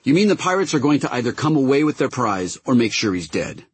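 A man voicing a fierce, profane woman captain who snaps and threatens, with a husky voice. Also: mid-range voice, sing-song, quick pace, no echo, pitched above the performer's own voice. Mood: angry. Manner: snarling, sharp, swears constantly.

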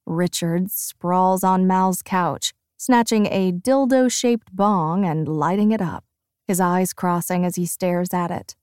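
Woman, audiobook narrator, first-person, expressive, slow, dry close sound. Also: lowish voice, clean tone, no room sound.

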